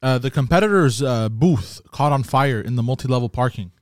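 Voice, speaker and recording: A man who is a comedian guest on a podcast, telling a story animatedly and yelling out the lines he quotes. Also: mid-range voice, animated, a little fast, no room sound, clean studio sound.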